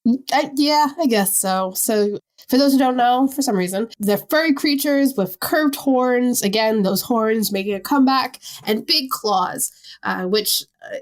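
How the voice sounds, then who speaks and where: A woman with a Long Island New York accent, co-hosting a casual podcast chat in an animated, chatty way. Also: mid-range voice. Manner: chatty, animated, laughs easily. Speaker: podcast co-host.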